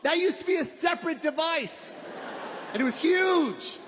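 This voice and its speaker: A middle-aged man doing stand-up, ranting loudly and nostalgically. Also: extremely high pitch, lively intonation, normal speed. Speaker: stand-up comedian. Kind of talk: stand-up routine. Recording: loud crowd and noise. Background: roaring audience.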